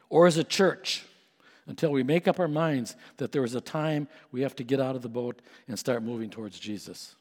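A middle-aged male pastor preaching a sermon, building to emphatic peaks and then dropping to hushed tones. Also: on the high side, in a large hall.

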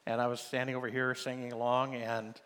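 An older man preaching a sermon as pastor, moving from soft storytelling to loud, emphatic exhortation. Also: medium pitch, little pitch movement, brisk, clean tone. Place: church sanctuary. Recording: long hall reverb.

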